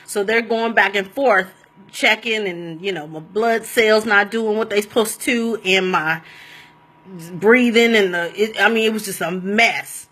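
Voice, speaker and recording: A woman telling a personal story in a casual, animated and rambling way, often laughing as she goes. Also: a little high, unhurried.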